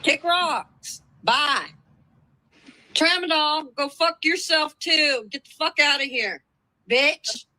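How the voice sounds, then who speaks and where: A woman's voice: sits high, slow, bright, forceful tone, low-quality recording. A woman on a casual live stream, ranting defiantly and swearing a lot.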